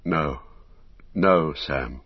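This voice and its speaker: A man's voice: fairly low pitch, measured pace, dry recording, highs cut off. A man voicing a weary, burdened male hobbit who speaks in anguished, pleading tones. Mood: sorrowful. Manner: anguished, pleading, breaking into cries.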